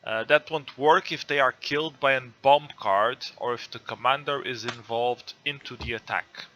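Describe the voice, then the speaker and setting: A man with a very bright, sharp voice who speaks English as a second language. He hosts a casual gaming chat on an online call, pausing often and thinking aloud as he works through the rules. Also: medium pitch, slight background noise. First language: not English. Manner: hesitant, thinks aloud while reading rules. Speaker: host.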